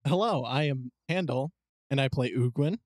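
A man's voice: medium pitch, a little slow, darkish tone, no room sound, clean studio sound. A man playing a tabletop game, laid-back and a little stammering. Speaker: player. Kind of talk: casual chat.

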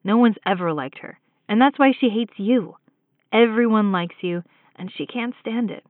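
A woman's voice: mid-range voice, moderate pace, no room sound, close to an everyday voice. A woman voicing a loving, protective husband speaking over the phone. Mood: reassuring. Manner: soothing, protective. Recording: tinny phone line.

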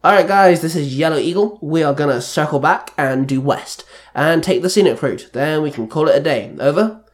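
A man voicing a confident female jet pilot giving brisk radio commands. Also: on the high side, lightly acted. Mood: commanding.

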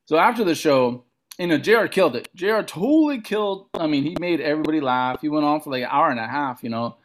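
A man from a Montana reservation telling a casual story as a comedian guest, acting out other people's lines with big jumps in pitch. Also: fast. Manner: animated, acts out quoted voices with big pitch jumps.

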